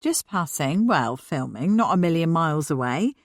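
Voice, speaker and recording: A woman reading a cheeky, teasing male friend in a story, lowering her voice for him. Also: very animated, normal speed, dry recording, clean studio sound, heavily acted. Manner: teasing, lazy. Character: cheeky teasing man, lanky old friend.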